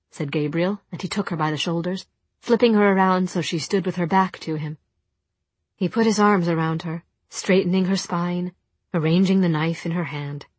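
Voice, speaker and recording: A woman narrating a novel as an audiobook, with a steady, expressive reading. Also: on the low side, slightly rough, no echo.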